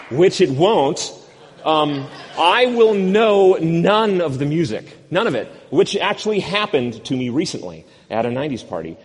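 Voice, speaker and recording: A man's voice: medium pitch, husky, big-room sound. A man in his fifties, a pastor preaching a sermon with a wry, self-deprecating storytelling manner.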